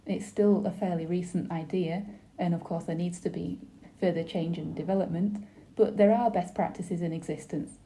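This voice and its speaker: Woman, simultaneous interpreter, low pitch, deep mellow tone, formal measured delivery, brief pauses. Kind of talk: simultaneous interpretation of a panel webinar.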